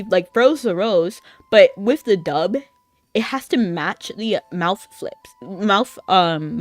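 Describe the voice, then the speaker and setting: A woman's voice: medium pitch, no echo. Chatty young woman streaming a game. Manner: chatty and rambling, with frequent filler "like". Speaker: VTuber streamer. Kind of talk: casual gaming stream chat.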